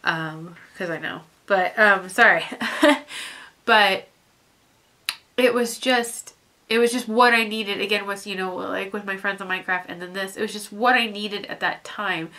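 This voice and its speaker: A young woman with a bright, clear voice talks straight to her viewers in a personal vlog. She is teary and keeps trying not to cry, and her sentences stop, restart and trail off. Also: medium pitch, fairly even intonation. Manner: halting, heartfelt, many restarts and fillers. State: teary, fighting back tears. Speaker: vlogger.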